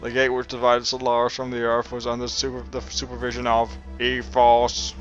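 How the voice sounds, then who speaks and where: Flat robot-ish villain guy, scheming and cold, a man putting it on while playing a game, muffled lo-fi audio with game music under it. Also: medium pitch, normal speed, lightly acted. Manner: flat mock-robotic reading. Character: scheming male villain reading lines in a robot voice. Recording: dull lo-fi sound with game music.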